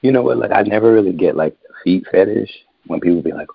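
Deep gravelly man in blunt banter. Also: expressive, fast talker, no echo, narrow, tinny audio. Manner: blunt, crude, teasing, laughs a lot. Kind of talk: casual chat.

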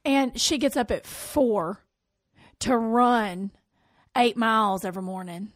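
A woman's voice: on the high side, slow, dry recording, clean studio sound. A woman co-hosting a sports podcast, telling stories in a playful, jokey way during casual chat.

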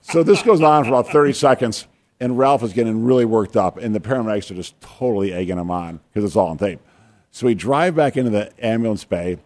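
A man who works as a doctor, co-hosting a podcast and talking in a relaxed, joking way. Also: lowish voice, fairly quick. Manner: relaxed, conversational, prone to pranks and jokes. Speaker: physician podcast co-host. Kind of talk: casual chat and storytelling.

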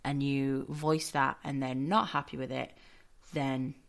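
A woman's voice: unhurried, gravelly. A woman co-hosting a casual chat podcast. She talks expressively and swears easily. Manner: expressive and sweary, swings between excited and low. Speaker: podcast co-host.

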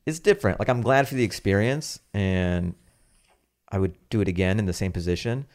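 A man's voice: on the low side, fairly quick, a little mellow. A man from Seattle, a stand-up comedian, chatting loosely and rambling through stories as a podcast guest. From Seattle, USA. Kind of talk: casual chat.

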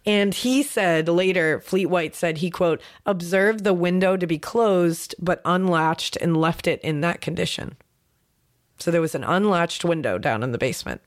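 On a casual true-crime podcast, a woman whose voice sits on the low side speaks at a moderate pace. She tells her co-host the case details as a story, with frequent fillers.

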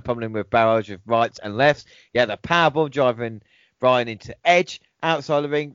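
A man's voice: medium pitch, dry recording, muffled recording. A man hosting a podcast, reading out match results and reacting with laughs and swearing. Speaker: podcast host. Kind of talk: casual wrestling recap chat.

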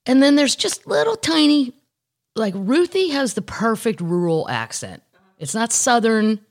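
A woman's voice: on the high side, very animated, measured pace. A woman from Missouri hosting a casual podcast, chatting and joking while reading news stories aloud. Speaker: podcast host.

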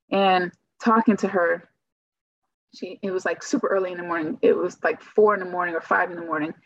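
A young woman with a low voice tells her story in a loose, chatty way and keeps playing out her own reactions. The sound is dull and lo-fi. The room adds no echo. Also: fairly bright tone. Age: young adult. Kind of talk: casual personal storytelling. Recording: dull lo-fi dry recording.

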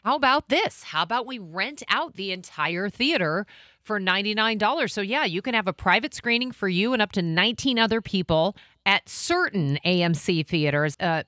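Bright-voiced woman co-hosting radio. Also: mid-range voice, no room sound, studio quality. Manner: brisk, explains news plainly. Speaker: morning radio co-host. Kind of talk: casual morning show banter and news chat. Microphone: studio mic.

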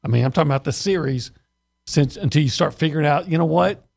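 A man's voice: on the high side, fast talker, creaky, a little mellow. A man giving blunt, opinionated sports analysis on a radio show, often stopping and restarting mid-sentence. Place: radio studio.

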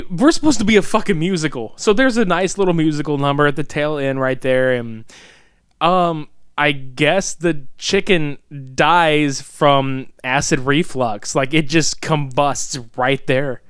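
A man's voice: a little high, measured pace, a bit bright, clear, resonant tone, dry recording, studio quality. A man casually recapping a bad movie, exasperated, swearing and groaning a lot. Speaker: co-host reviewing a film.

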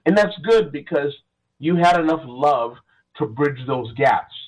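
A man hosting a relaxed conversation, gentle and consoling, often circling back to the same phrase as he gathers his thoughts. His voice sits somewhat higher than most men's. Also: measured pace, low-quality recording. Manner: consoling, keeps restarting with "the thing is". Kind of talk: casual conversation.

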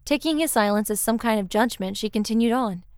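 Woman narrator, smooth and slightly high, dry close sound; calm storybook read. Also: a little fast, no room sound.

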